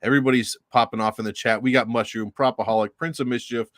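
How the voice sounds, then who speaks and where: A man's voice: mid-range voice, steady tone, fast talker, fairly bright tone. A man co-hosting a betting show in an easygoing, agreeable way, chatting casually. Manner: easygoing, agreeable, laughs along. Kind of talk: casual podcast chat.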